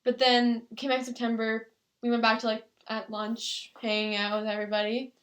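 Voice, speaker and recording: A woman's voice: a little high, monotone, brisk, a bit bright. A teenage woman co-hosting a podcast, chatting casually and telling a story while quoting other people. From Canada. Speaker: podcast co-host. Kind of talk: casual chat.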